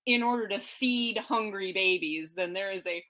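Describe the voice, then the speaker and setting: A woman with a bright, crisp voice talks on a podcast. She chats casually, restarting her sentences as she goes. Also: medium pitch, moderate pace. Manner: chatty, with laughs and restarts. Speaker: podcast co-host. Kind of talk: casual conversation.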